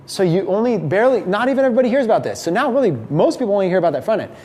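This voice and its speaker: A man giving a live seminar talk, energetic and conversational, acting out what his listeners might think. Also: high-pitched, rapid-fire. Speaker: business speaker teaching a mastermind.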